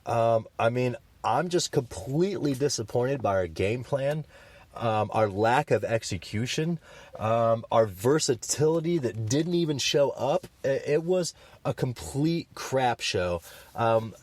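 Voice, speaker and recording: A man's voice: medium pitch, darkish tone, no echo. A man co-hosting a sports podcast, fired up and emphatic as he argues his opinions. His voice sits in an ordinary middle range, and the recording is dry and close with no room sound. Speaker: podcast co-host.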